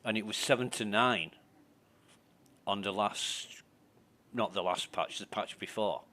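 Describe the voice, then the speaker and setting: A man's voice: lowish voice, a little slow, pushed and bright. Muttering man streaming a game. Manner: muttering, swearing, thinking aloud. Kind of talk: casual gameplay commentary.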